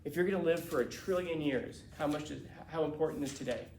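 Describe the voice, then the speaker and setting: A male teacher lectures his class in a loose, slangy way, bouncing into little acted-out quotes as he goes. His voice sits a bit high for a man. The echoey classroom carries a faint hum behind him. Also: quick pace. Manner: animated, casual and slangy, acting out quotes.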